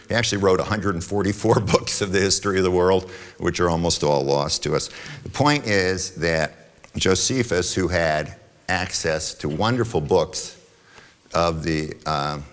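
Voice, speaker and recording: A man with a very deep voice gives a church adult forum talk in a room with long reverb. He explains things in a relaxed, conversational way, stopping often with fillers and restarts, and now and then reads passages aloud from his notes. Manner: conversational lecturing with frequent fillers and self-corrections.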